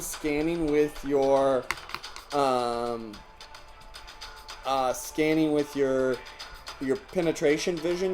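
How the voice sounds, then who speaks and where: A man narrating as game master, animated and laughing often, with faint music behind. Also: fairly high pitch. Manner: animated, laughs often, acts out villains in yelps.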